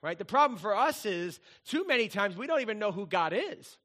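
A middle-aged man preaching a sermon as a pastor, conversational and animated, often acting out quoted voices. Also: high voice, fairly quick.

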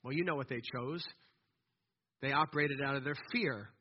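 A man preaching a sermon in an animated, conversational way, often restarting his sentences. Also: mid-range voice, moderate pace, slightly rough. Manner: animated, conversational preaching with repeated false starts. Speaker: pastor. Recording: dull lo-fi recording.

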